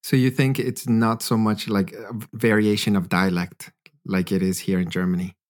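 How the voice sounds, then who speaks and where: A man with a fairly low voice hosts a podcast and asks his guests follow-up questions. He sounds curious and friendly. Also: little pitch movement, normal speed. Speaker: podcast host. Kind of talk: interviewing.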